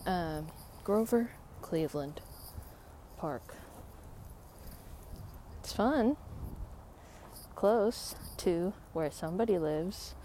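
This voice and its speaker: Slow, mellow woman rambling outdoors. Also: lowish voice. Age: 30s. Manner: rambling, wry, self-mocking asides. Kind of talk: casual vlog while walking a dog. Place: outdoor park. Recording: faint outdoor noise.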